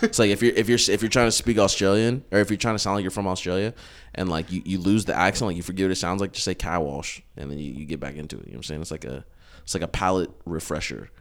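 A young man in casual chat, talking loosely with slang and swearing, quick to laugh. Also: sits low, fairly even intonation.

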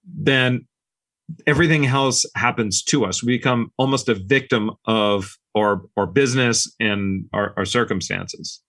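Man, low voice, dry close sound, relaxed anecdotal podcast guest. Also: unhurried, no room sound. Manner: relaxed, anecdotal, acts out quoted dialogue. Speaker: business owner guest. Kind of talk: casual podcast storytelling.

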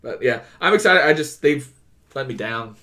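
A man's voice: medium pitch, animated, moderate pace, sharp tone. A young man co-hosting a casual movie podcast, profane and often tripping over his words. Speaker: podcast co-host.

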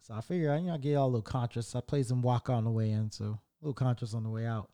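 A man hosting a late-night solo podcast, rambling in a relaxed way and correcting himself as he goes. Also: mid-range voice, rapid-fire. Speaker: podcast host.

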